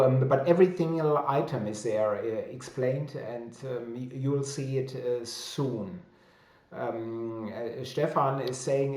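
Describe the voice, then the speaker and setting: A man's voice: mid-range voice, a little mellow, roomy sound. A man with a German accent hosting a casual live-stream chat and reading out viewer comments. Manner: chatty, reads out viewer comments. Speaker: host.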